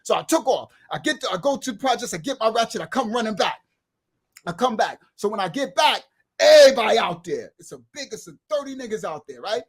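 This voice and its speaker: A middle-aged man telling a street story in an animated way, acting out other people's voices and swinging from loud outbursts to low murmurs. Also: fairly quick, slightly rough. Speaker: guest telling his life story.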